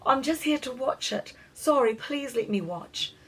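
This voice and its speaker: A woman doing a frantic young boy, high and breathy. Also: expressive, a little slow, heavily acted, poor audio. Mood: pleading. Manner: high, yelling and pleading. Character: frightened young boy, desperate and determined.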